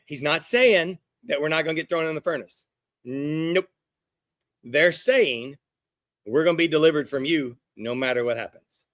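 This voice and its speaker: A middle-aged man preaches a lively sermon with a voice pitched a little above most men's. He breaks into quoted voices and drops to hushed asides. The sound is dry and close, with no room around it. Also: normal speed, dry recording. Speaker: pastor.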